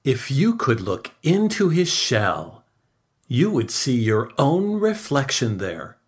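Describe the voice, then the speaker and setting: A woman reading a children's folk tale aloud, slow and expressive, her pitch swooping on key words. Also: husky. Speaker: storyteller. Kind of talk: storybook read-aloud.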